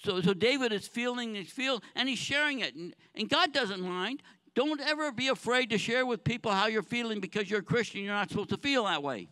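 High-voiced pastor preaching with earnest swings. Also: male voice, lively intonation, a little fast. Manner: earnest, with rhetorical questions to the congregation; swings between soft low phrases and raised, pressing ones. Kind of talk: sermon.

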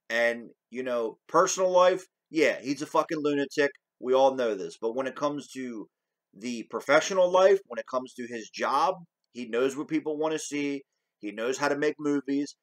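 Man, heated rant, profane, repetitive, average pitch. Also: fairly bright tone, rough recording. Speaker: commentary channel host. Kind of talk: ranting commentary.

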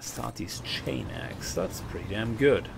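Low-voiced man commentating a game. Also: slow, vocal fry, noisy background. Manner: relaxed, thinking aloud over the gameplay. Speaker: gaming channel host. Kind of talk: let's play commentary.

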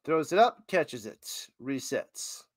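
A high-voiced man streams live tennis play-by-play, calling shots and humming tunes between points. He talks slowly and unhurriedly. The sound is dry, with no room around it. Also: no echo. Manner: excitable, hums and chants between points. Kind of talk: casual live play-by-play commentary.

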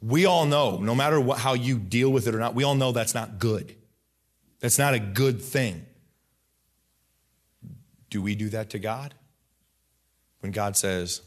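A man in his thirties, a pastor preaching a lively sermon who acts out people's voices and raises his voice to a shout for emphasis. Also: mid-range voice, unhurried, long pauses.

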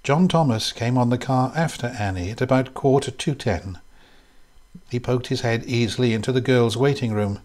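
A man reading a literary short story aloud in a measured, even way. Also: mid-range voice. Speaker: reader.

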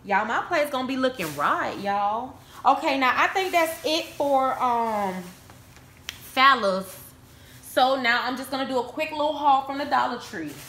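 A woman chatting casually to the camera at home, showing off a shopping haul and getting excitable over bargains while calling her viewers y'all. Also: high-pitched, a little slow, echoey room, a little hiss or hum. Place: room at home.

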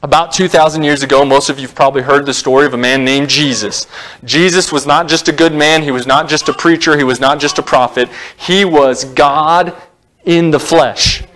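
A man preaching a sermon in a relaxed, storytelling manner, slipping in asides and light jokes. His voice sits a little higher than most men's. He sounds like a pastor talking to his own congregation. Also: moderate pace.

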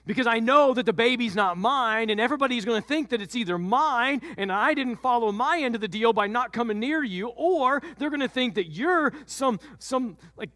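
A preacher acting as a panicking young husband. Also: male voice, extremely high pitch, expressive, unhurried, few pauses, sharp tone, big-room sound, voice pushed up, full character voice. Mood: agitated. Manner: agitated, pleading. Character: young man Joseph, upset and panicking. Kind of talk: sermon role-play.

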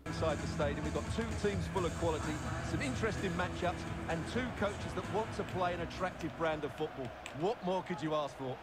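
A man giving relaxed, conversational colour commentary for a football video game. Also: fairly high pitch, fairly quick, hardly any pauses. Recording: game audio with loud music.

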